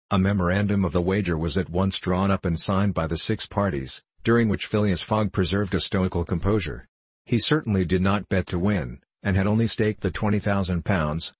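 A man narrating a classic novel in a steady, measured reading. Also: low voice, slightly rough, dry recording. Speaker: audiobook narrator. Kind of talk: scripted narration.

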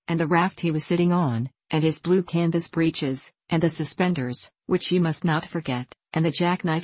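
Low husky lady reading a bedtime story, slow sing-song delivery, dry close sound. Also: a little mellow, no echo. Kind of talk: storybook read-aloud.

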